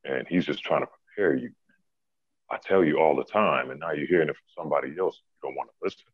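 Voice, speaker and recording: A strict father lays down the law to his teenage son in a firm, lecturing tone. A man puts him on in a very low, booming register. The sound is dry and thin, like a phone call. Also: fast talker, breathy edge, dry recording. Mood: stern. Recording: tinny phone-line sound.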